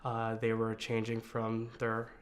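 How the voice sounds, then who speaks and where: A man from the United States telling his own coming-out story in a reflective, earnest way, pausing on fillers and restarts. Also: on the low side, monotone. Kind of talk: personal storytelling.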